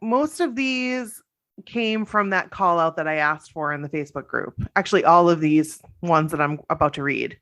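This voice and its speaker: A woman's voice: deep voice, normal speed, fairly bright tone. A woman co-hosting a casual podcast, gushing and chatty as she reads out listener stories. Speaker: podcast co-host.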